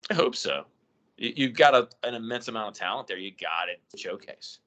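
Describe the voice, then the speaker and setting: A man's voice: fairly low pitch, animated, fairly quick, fairly bright tone. A man co-hosting a casual wrestling podcast, agreeable and chatty, building on the others' ideas. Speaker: podcast co-host. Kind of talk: casual wrestling news chat.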